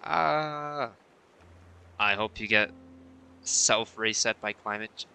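A man's voice: fairly low pitch, slow, gravelly, long pauses, pushed and bright, clean tone. A man chatting casually on a live stream while he plays, reading viewer messages aloud and answering them playfully.

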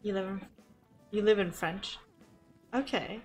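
A woman's voice: medium pitch, a little slow, darkish tone, soft background music. A young woman with an American accent chatting casually on a live game stream, thinking aloud with frequent gasps and laughs, into a desk microphone. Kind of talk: casual live-stream chat while gaming.

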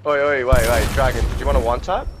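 A young man gaming with friends, giving quick, low-key tactical callouts. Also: noisy background.

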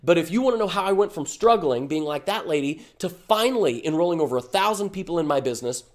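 A man's voice: fairly high pitch, animated, fast talker. A man giving a fired-up, emphatic motivational talk to camera as an online business coach, full of rhetorical questions.

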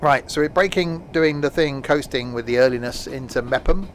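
A man chats loosely as he plays a game live, wandering off into silly jokes and asides. His voice sits at an ordinary middle pitch, picked up on a home desk microphone with a faint hiss behind it. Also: moderate pace. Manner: rambling, jokey, talks to himself and chat. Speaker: game streamer. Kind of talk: casual live-stream chatter while playing.

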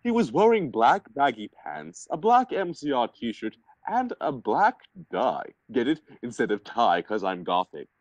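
A young man reading a bad fan story aloud for laughs, sarcastic and animated, over a voice call. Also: medium pitch, no room sound, highs cut off. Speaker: reader in a group reading. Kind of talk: mock-dramatic comedic reading aloud.

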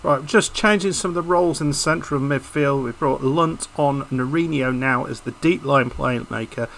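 A man's voice: medium pitch, normal speed, gravelly, a bit bright, slight background noise, poor audio. A man commentating casually over a football management video game, frustrated and hesitant, often restarting his sentences. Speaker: YouTube gaming host.

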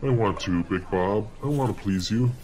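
A man's voice: on the low side, moderate pace, dark tone. A man co-hosting a scripted comedy sketch, talking in a whiny, pleading little-brother manner. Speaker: co-host.

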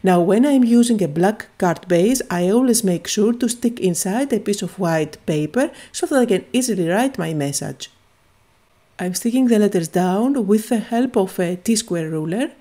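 Woman, craft tutorial voice-over, dark mellow tone, calm and methodical. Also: medium pitch, normal speed. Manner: calm step-by-step explaining. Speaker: card-making video host.

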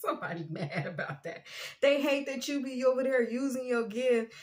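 A woman's voice: sits high, normal speed, a little hiss or hum. Chatty laughing woman reading tarot. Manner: chatty, frequent laughter, repeats "you know what I'm saying". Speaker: tarot reader. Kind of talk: casual spiritual tarot reading.

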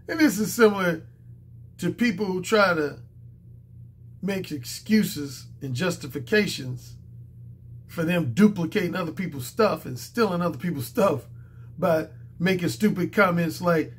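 A man with a hoarse, strained voice from a cold, sitting a little high in pitch. He lectures as a dating coach, hammering his points home and repeating them for emphasis. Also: moderate pace. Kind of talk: monologue to camera.

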